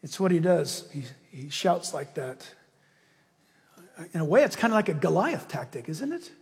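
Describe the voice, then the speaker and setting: A male pastor preaching a sermon with animated storytelling, acting out voices along the way. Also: a little high, normal speed, husky. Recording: long reverb of a large hall.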